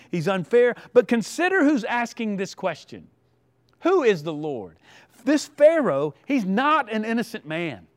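A male pastor delivers a sermon in a high, lively voice that rises and falls. He drops to near-hushed asides, then pushes hard on his key points. The sound is dry and close. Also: dry recording. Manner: animated preaching, shifting between hushed and emphatic.

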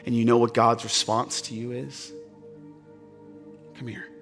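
A man preaching a sermon as pastor, impassioned and swinging from loud, fervent passages to hushed, tender ones. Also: mid-range voice, flat delivery, moderate pace, music in the background.

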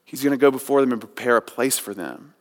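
A man preaching a sermon as pastor, telling a story, swinging from quiet and slow to loud and raised. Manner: storytelling, builds from soft and slow to loud and high. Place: church sanctuary. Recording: long church hall reverb.

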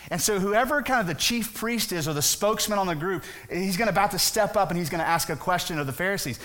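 Animated high-voiced male preacher. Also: quick pace, hardly any pauses. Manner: conversational, acts out voices of the crowd. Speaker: pastor. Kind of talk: sermon.

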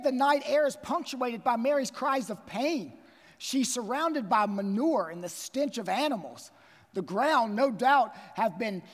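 A man's voice: extremely high pitch, big-room sound. A man preaching a sermon as pastor, emphatic and repeating key phrases.

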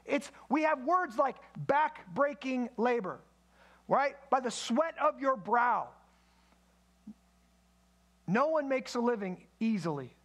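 A man's voice: very high-pitched, animated, takes it slowly, pauses often, fairly bright tone. A man preaching a sermon in a conversational way, with asides to the congregation. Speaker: pastor.

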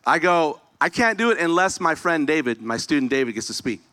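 Male preacher, bright tone, lively personal storytelling sermon. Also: fairly high pitch, fairly quick. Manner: animated storytelling, acting out dialogue. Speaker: speaker.

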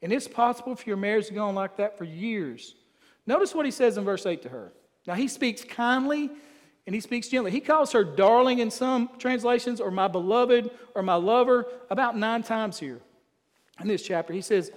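A man with a drawl preaches in a high, light voice, folksy and talking straight to the men. His words ring out with the long tail of a large church hall. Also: lively intonation, normal speed. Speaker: pastor. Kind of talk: sermon.

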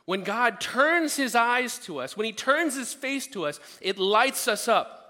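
A man's voice: extremely high pitch, expressive, a little slow, bright, forceful tone. A man preaching a sermon as a pastor, earnest and conversational, with frequent restarts. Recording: long hall reverb.

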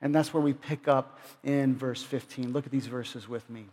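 A man's voice: mid-range voice, fairly even intonation, moderate pace, darkish tone. A man preaching a sermon as pastor, explaining a passage conversationally, with frequent restarts. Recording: long reverb of a large hall.

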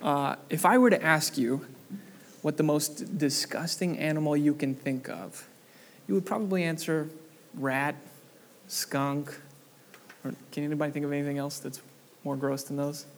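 A young adult man preaching a sermon, animated and asking the congregation questions. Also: fairly high pitch, normal speed, long pauses, slight background noise. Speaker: pastor.

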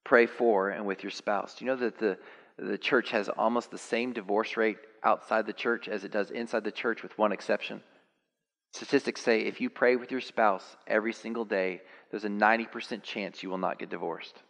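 Animated preacher in a reverberant hall. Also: male voice, moderate pace, gravelly. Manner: animated, rising to high excited peaks. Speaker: pastor. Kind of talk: sermon.

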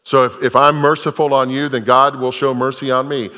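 Earnest pastor in a reverberant hall. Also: male voice, medium pitch, little pitch movement, brisk, pushed and bright. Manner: earnest, repeats phrases for emphasis. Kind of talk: sermon.

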